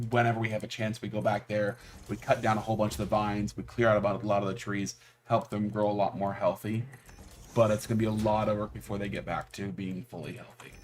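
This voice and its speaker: A man's voice: fairly low pitch, slight background noise. A man on a gaming stream, chatting casually and rambling through descriptions with lots of fillers. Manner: rambling, describes things at length with many fillers. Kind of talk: casual livestream chat.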